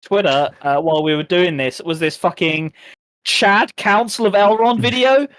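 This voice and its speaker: A man playing in a tabletop game, talking casually, swearing freely, and stumbling over restarts before launching into animated rants. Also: high-pitched, moderate pace, dry recording. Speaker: player.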